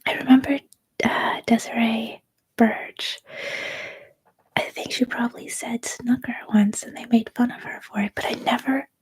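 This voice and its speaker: Canadian woman, 30s, whispering asmr stream chat, really breathy, kinda high and flat. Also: measured pace. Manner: soft-spoken, rambling, chatty.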